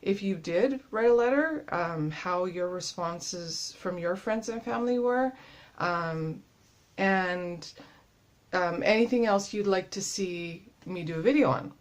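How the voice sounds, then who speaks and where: A woman in her thirties talking to the camera in a casual video diary, sounding winded and worn out, with a halting manner full of pauses and fillers. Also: on the low side. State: winded, tired from illness. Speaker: vlogger.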